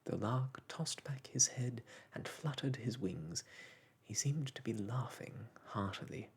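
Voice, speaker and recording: A man narrating a children's storybook aloud in a gentle, unhurried bedtime-story manner. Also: mid-range voice, husky.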